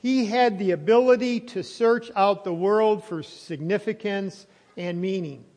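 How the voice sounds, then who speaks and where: Here a pastor, chewing gum, preaches in a conversational way in the sanctuary of a church, with many restarts and mounting emphasis. His high-pitched voice has a darkish tone and a measured pace. He's not wearing his lapel mic, and the hall adds a long reverb.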